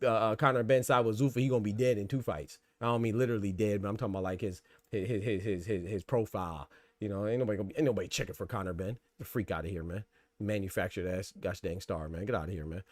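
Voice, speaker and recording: A man's voice: fairly low pitch, steady tone, quick pace, dry recording. A man ranting in live boxing commentary, heated and slangy, often repeating words. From United States.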